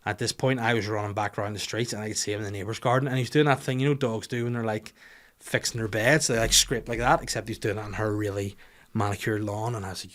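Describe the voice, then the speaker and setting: A man's voice: on the low side, fast. A man in his thirties with a Northern Irish accent, hosting a podcast and rambling through a comic story, swearing freely. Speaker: comedian podcast host. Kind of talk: casual comic monologue.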